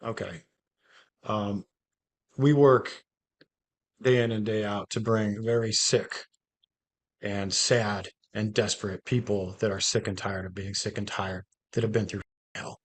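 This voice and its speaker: A man's voice: fairly low pitch, fairly even intonation, a little slow, pauses often. A man talking earnestly and frankly as a guest on a podcast. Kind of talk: casual conversation.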